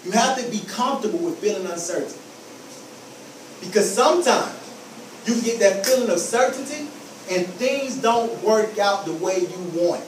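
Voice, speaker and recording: A man's voice: high voice, animated, moderate pace, roomy sound, distant mic, noisy background. A man giving an emphatic motivational talk to students, repeating key phrases and acting out scenes. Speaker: motivational speaker.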